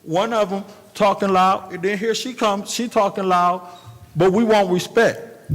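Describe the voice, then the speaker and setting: A man's voice: sits high, steady tone, measured pace. A man speaking as a city council member in a formal meeting, emphatic, plainspoken and repetitive. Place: council chamber. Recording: reverberant council chamber.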